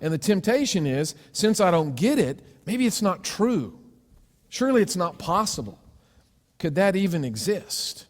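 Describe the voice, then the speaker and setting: A male preacher giving a sermon, telling a story with lively acted-out voices for its characters. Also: sits high, unhurried, big-room sound. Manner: animated storytelling, acting out voices for shapes. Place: church sanctuary.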